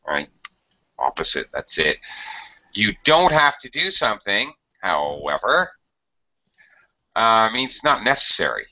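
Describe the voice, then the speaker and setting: A man teaching an English grammar lesson, explaining slowly and patiently with frequent fillers. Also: sits low, pushed and bright. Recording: dull lo-fi audio.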